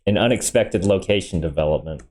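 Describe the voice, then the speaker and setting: Deep-voiced man giving casual reaction commentary. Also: a little fast. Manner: relaxed, thinking aloud with chuckles. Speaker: nuclear engineer reacting to a video.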